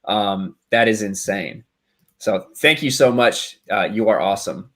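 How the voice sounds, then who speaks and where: A man's voice: on the low side, unhurried, fairly bright tone. A man hosting a casual charity stream, upbeat and thanking donors with frequent fillers. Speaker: stream host.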